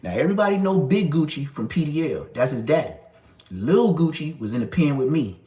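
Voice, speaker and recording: A man's voice: a little high, sing-song, fairly quick, dark tone, echoey room. A man in his thirties telling stories in casual street slang, acting out other people's lines as he goes. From Los Angeles area. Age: 30s. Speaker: storyteller. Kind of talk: casual storytelling.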